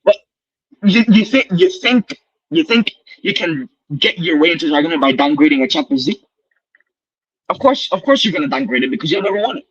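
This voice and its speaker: A man's voice: fairly high pitch, very animated, normal speed, fairly bright tone, breathy edge, no echo, dull audio. A man calling in to a fan show, ranting heatedly and repeating himself to drive his points home. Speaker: caller. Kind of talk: casual chat.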